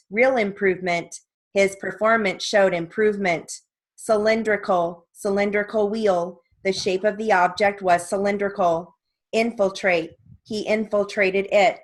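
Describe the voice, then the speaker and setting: Casting: woman, steno dictation reader, very slow and measured, mid-range voice. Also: medium pitch, fairly bright tone, rough recording. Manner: reads word lists and sentences evenly, with short spoken asides.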